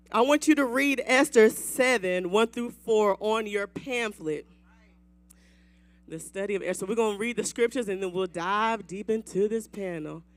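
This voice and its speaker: A woman emcees a women's Bible study night with lively, animated energy. Her voice is bright and pushes forward, and she leads the room with playful call-and-response. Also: a little high, no echo. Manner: animated, hypes the crowd with whoops. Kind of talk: lively church event hosting. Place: event hall with live audience.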